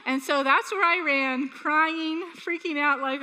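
A woman preaches with a high, bright voice that rings out across a church hall with a long reverb. She tells a childhood story with animated energy, then turns to earnest appeals to her listeners. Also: unhurried. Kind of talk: sermon with personal story.

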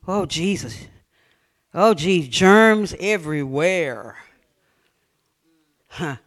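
A woman pastor from Mobile with an Alabama Southern accent, preaching a sermon in a folksy, humorous storytelling manner that swings between loud and hushed. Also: lowish voice, lively intonation, extremely slow.

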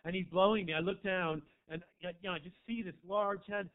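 A man's voice: sits high, fairly even intonation, fairly quick. A man from Marin doing a crude, camp stand-up set in a small club, rambling through a story with asides to the crowd. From Marin County, California. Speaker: stand-up comedian. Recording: tinny, phone-like live club recording.

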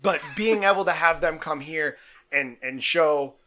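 A man's voice: on the high side, unhurried, sharp tone. A man co-hosting a sports podcast in a casual chat, rambling and enthusiastic with plenty of fillers. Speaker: podcast co-host.

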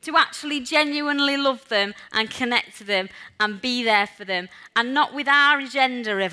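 Bright woman preaching casually. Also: high voice, normal speed, hardly any pauses. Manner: conversational, with rhetorical questions. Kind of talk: sermon.

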